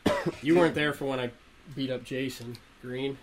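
A young man telling profane stories to friends in casual chat, animated and laughing between lines. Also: medium pitch, moderate pace, very noisy. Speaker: storyteller among friends.

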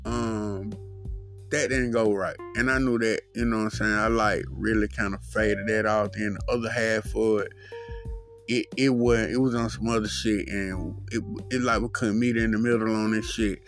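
Low-voiced man ranting on his own podcast. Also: flat delivery, normal speed, faint music behind. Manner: profane, rambling and loose, heavy on fillers. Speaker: podcast host. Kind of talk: solo podcast rant.

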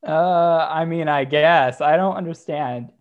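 A man's voice: a little high, measured pace, phone-quality sound. A man co-hosting a casual podcast, asking dry, skeptical questions. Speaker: podcast co-host.

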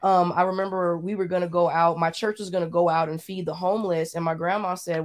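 A woman's voice: lowish voice, level tone, quick pace, hardly any pauses. A woman co-hosting a podcast, telling a heartfelt personal story in casual chat, saying "like" often. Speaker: podcast co-host.

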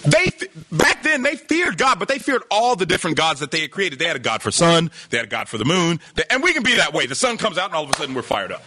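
A man preaching a sermon, emphatic and animated, reading scripture and breaking into exclamations. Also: a little high, fast talker, few pauses, no echo.

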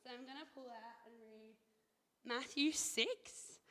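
She's a young adult woman with a fairly high, bright, forceful voice, speaking at a measured pace as she shares her faith testimony and reads scripture. She's earnest and chatty, leaning hard on "like" and "I think," while a hall's long reverb rings around her.

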